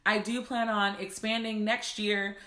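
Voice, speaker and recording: Woman, bright clear tone, casual vlog chat, emotional and proud, echoey room. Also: medium pitch, level tone, a little slow. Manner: emotional, laughing, fighting tears. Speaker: planner maker and content creator. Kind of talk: casual vlog talk to viewers.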